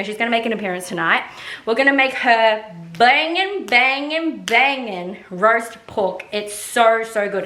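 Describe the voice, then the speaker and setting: A woman's voice: mid-range voice, pushed and bright, reverberant. A young woman chatting casually through a vlog from her home kitchen, rambling along with casual slang. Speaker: vlogger.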